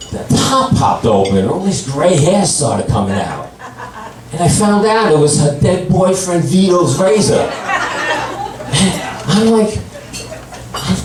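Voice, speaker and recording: A man in his sixties telling stand-up jokes in a deadpan style, putting on higher voices for the people in his stories. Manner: deadpan one-liners, voices others in a higher pitch. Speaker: stand-up comedian. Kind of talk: stand-up comedy set. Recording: echoey club, voice from far off.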